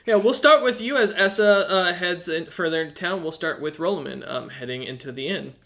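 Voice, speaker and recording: A man's voice: sits high, a little fast, creaky, fairly bright tone. A man narrating as game master in a tabletop game, hesitant with many fillers. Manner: hesitant, lots of ums and uhs.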